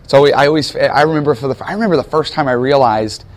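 A man's voice: mid-range voice, fast talker. An American man teaching a sermon in a conversational way, asking his listeners questions and searching aloud for words. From United States. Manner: conversational, asks the audience questions. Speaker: pastor.

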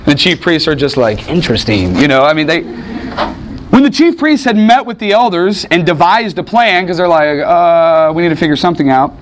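A man preaching a sermon, dramatic, swinging from loud bursts to hushed lines and acting out quotes in voices. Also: sits high, noisy background. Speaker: pastor.

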